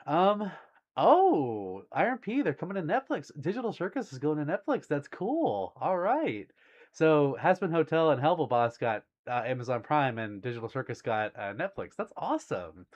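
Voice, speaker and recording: A man's voice: fairly high pitch, sing-song, moderate pace. Giggly man chatting on a livestream. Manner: giggly, bashful, laughs often between remarks. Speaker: livestream host. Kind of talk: casual livestream chat reading viewer messages.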